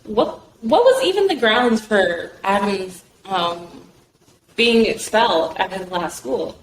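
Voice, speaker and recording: A woman's voice: medium pitch, slow. Young woman in an echoey room. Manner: relaxed, joking asides and agreeing fillers. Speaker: podcast co-host. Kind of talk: casual film discussion chat. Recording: echoey room with faint noise.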